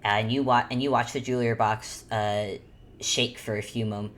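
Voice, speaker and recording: A woman with a strikingly low voice narrates as game master of a tabletop game. Her narration rambles and corrects itself as she goes, and she breaks into laughter often. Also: fairly even intonation, moderate pace.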